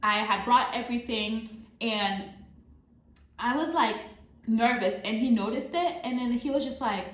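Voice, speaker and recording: Woman vlogger, casual storytime, lively and repetitive, fairly high voice, roomy echo. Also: a little slow. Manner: animated retelling, repeats phrases for emphasis. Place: near a road with passing cars. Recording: roomy sound with faint traffic noise. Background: passing traffic.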